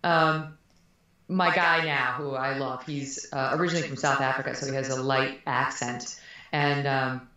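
A woman's voice: rumbling low, fairly even intonation, moderate pace, bright, forceful tone. A middle-aged woman speaking frankly and animatedly as an interview guest, laughing often. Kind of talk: candid conversational interview. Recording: very echoey room.

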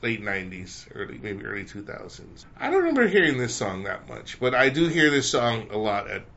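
An opinionated man co-hosting a casual podcast, his pitch swinging lively as he argues his points. His voice is bright and forward. The audio is dull and lo-fi. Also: brisk. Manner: opinionated, animated. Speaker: podcast co-host. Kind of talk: casual chat.

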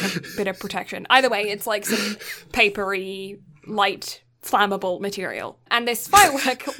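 A woman's voice: mid-range voice, sharp tone. A young woman co-hosting a podcast, retelling a film's plot in a chatty, casual way with lots of fillers. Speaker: podcast co-host. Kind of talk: casual film recap.

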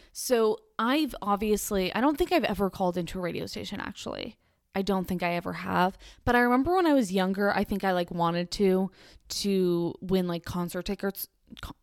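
A woman's voice: mid-range voice, no echo, clean studio sound. A young woman in her twenties hosting a casual solo podcast, rambling chattily with lots of "like" and restarts. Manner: chatty, rambling, heavy use of "like". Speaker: podcast host.

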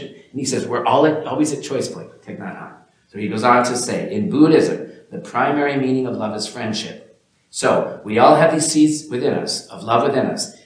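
A man teaching an informal spiritual talk in a gentle, musing way, speaking to listeners by name. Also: medium pitch, heavy reverb, low-quality recording.

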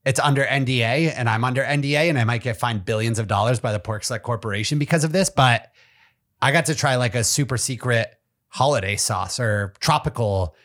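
A man's voice: mid-range voice, a bit bright. A man co-hosting a podcast in casual banter, joking, teasing and swearing freely. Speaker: podcast co-host.

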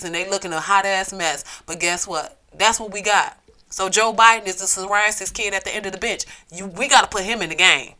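Woman podcast host, bright edgy voice, sassy and profane. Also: mid-range voice, brisk. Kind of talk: ranting solo podcast.

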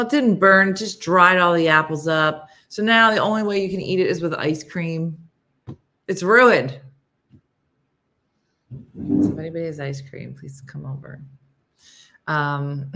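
Low-voiced woman chatting on a livestream. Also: pushed and bright. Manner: rambling and chatty, many fillers and restarts; clears throat often. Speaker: livestream host. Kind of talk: casual chat with live viewers.

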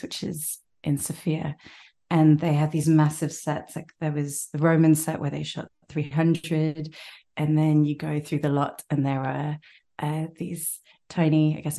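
Low-voiced woman with a posh British accent. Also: creaky, mellow. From Britain. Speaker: guest voice actor. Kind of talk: casual interview chat.

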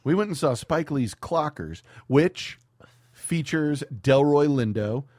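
A man hosting a podcast in casual chat, a profane, lively storyteller who acts out what people said. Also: on the high side, takes it slowly, no echo, clean studio sound. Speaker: podcast host.

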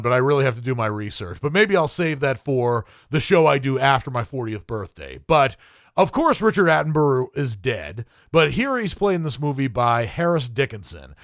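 A man's voice: mid-range voice, no room sound, clean studio sound. A man in his late thirties, hosting a film review show and giving his opinions in a chatty way with small laughs and asides. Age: 30s. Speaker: film critic and host.

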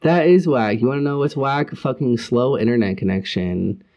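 A man co-hosting a casual online show, swearing freely and grumbling about slow tech while chatting through news. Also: mid-range voice, dull audio. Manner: profane, animated, grumbling. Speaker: podcast co-host. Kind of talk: casual chat.

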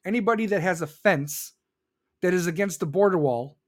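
A man's voice: sits high, moderate pace. Heated sarcastic man ranting. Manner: heated, sarcastic, profane, mocks others in put-on voices. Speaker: political commentary host reading viewer comments. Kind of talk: profane casual political rant.

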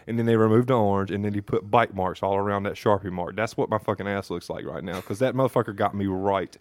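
Podcast regular: low-voiced man, dry close mic, angry and profane in his story. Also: fast, no echo. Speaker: podcast co-host. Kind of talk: casual podcast chat, storytelling.

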